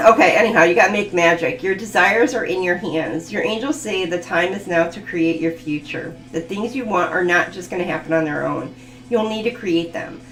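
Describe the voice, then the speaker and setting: A woman's voice: fairly low pitch, moderate pace, a bit bright. A woman giving a live tarot reading, laughing often and swearing bluntly. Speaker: tarot reader. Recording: echoey room with faint music.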